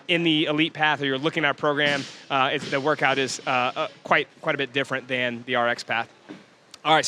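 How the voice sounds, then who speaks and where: Bright-voiced man doing gym commentary. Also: on the high side, slight background noise. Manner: energetic, chatty, laughs often. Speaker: workout commentator. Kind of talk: live workout commentary.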